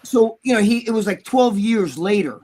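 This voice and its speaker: A man's voice: high voice, lively intonation, moderate pace, darkish tone. A man on a podcast, rambling through profane stories and acting out the people in them. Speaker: podcast regular telling stories. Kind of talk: casual chat, storytelling.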